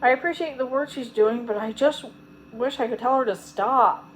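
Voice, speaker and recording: A woman reading aloud voices a weary young bride-to-be sister speaking in a hush. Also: a little high, moderate pace, a little hiss or hum, natural voice, poor audio. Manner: hushed, weary.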